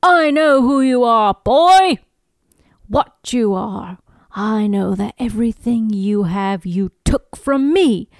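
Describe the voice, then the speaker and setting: A woman's voice: mid-range voice, slow, vocal fry, warm tone, dry recording, studio quality. Woman putting on a menacing British tycoon. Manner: theatrical, reads lines then laughs. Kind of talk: podcast scene read-aloud.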